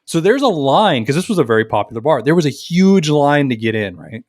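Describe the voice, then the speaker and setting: A man from the Las Vegas area co-hosting a podcast, telling a wild story in a boisterous, animated way and acting out the dialogue. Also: fairly high pitch, brisk, dry recording, clean studio sound. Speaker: podcast co-host. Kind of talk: casual storytelling chat.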